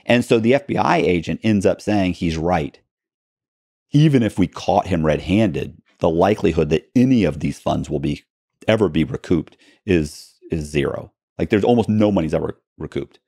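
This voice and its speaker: A man telling a story as an interview guest, acting out quoted dialogue with halting restarts. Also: sits low, creaky, darkish tone, no room sound, clean studio sound.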